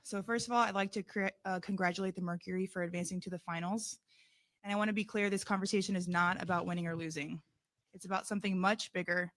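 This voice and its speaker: Woman athlete reading a prepared statement, measured, a bit out of breath. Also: mid-range voice, steady tone, a bit bright. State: slightly out of breath. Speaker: professional basketball player.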